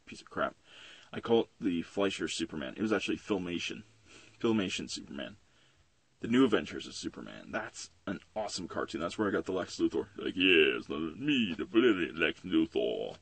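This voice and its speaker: Low husky young guy rambling. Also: big pitch swings, a little fast, no room sound. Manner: rambling and profane, with many fillers. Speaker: comic book reviewer. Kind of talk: casual rambling review.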